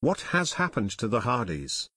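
A man's voice: medium pitch, huge pitch swings, normal speed, pushed and bright, husky, dry recording, clean studio sound, full character voice. A man voicing a bold young man who urges and taunts, in an audiobook reading. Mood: urgent. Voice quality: urgent, taunting. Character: bold young man, quick-witted friend.

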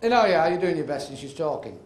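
A man's voice: a little high, sing-song, fast talker. A man doing live stand-up comedy, telling punchy jokes and acting out the lines. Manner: punchy joke-telling with quoted voices. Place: comedy club stage. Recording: echoey club with crowd laughter and noise.

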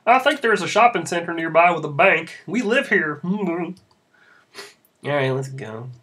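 A man's voice: fairly high pitch, expressive, measured pace, pushed and bright. A young man commenting sarcastically over a visual novel he plays, rambling and laughing at it. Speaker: let's play host. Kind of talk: casual gameplay commentary.

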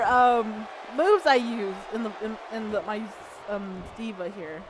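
A woman commentating her own wrestling video game match, excitable, swearing and shouting at the screen. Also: on the high side, a little slow. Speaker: gaming channel host. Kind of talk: let's play commentary. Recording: game crowd and arena noise behind.

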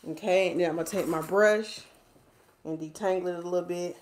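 A woman's voice: fairly low pitch, steady tone, a little fast, darkish tone, reverberant. A woman, a hair stylist chatting playfully with viewers while doing a hair tutorial at home. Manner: chatty, playful, talks to viewers as y'all, reads comments aloud. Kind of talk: casual livestream hair tutorial chat.

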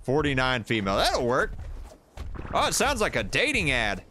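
A man giving jokey, animated commentary while playing a survival game and talking to the creatures in it. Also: mid-range voice, moderate pace, slight background noise. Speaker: gaming YouTuber. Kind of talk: playthrough commentary.

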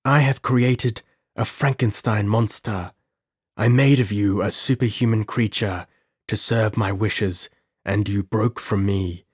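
A man's voice: on the low side, steady tone, slow pace, husky, no echo, clean studio sound. A man reading an audiobook and voicing a cold, sinister male scientist who murmurs with detached, clinical interest. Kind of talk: audiobook character voice.

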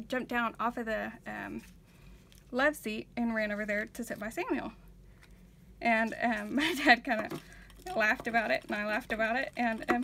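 A woman tells family stories in a loose, rambling way, full of fillers and restarts, as she works on a painting. Her voice sits a little on the higher side, with a faint room hum underneath. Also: fairly bright tone. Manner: chatty storytelling, many fillers and restarts. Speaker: vlogger, art journaler. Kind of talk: casual chat while painting.

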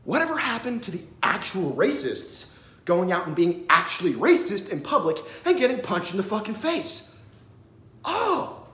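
A loud man rants into a phone held on a selfie stick, swearing constantly and breaking into laughter. His pitch swings up and down with lively energy. The sound bounces around an echoey room. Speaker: vlogger. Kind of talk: profane comedic rant.

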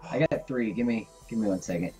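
A man's voice: lowish voice, fairly quick, mellow, breathy edge, faint music behind. A man playing a video game with a friend, chatting casually and teasing with frequent laughs. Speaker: guest co-player. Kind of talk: casual gaming chat.

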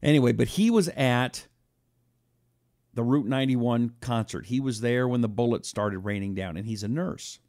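A man's voice: mid-range voice, moderate pace, darkish tone, no room sound, clean studio sound. A man hosting a live talk stream, chatting loosely with viewers, reading out their comments and making blunt asides. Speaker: host.

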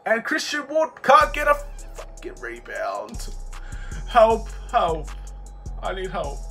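Excitable young man narrating his own gameplay. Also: high-pitched, slow, gravelly, faint music behind. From Australia. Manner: excitable, swings from muttering to frustrated shouting. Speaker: gaming YouTuber. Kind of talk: live gameplay commentary.

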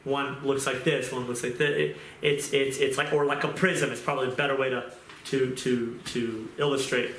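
A middle-aged male pastor preaching an impassioned sermon, moving from quiet talk to shouting. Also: medium pitch, little pitch movement, moderate pace, slight background noise. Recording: roomy echo.

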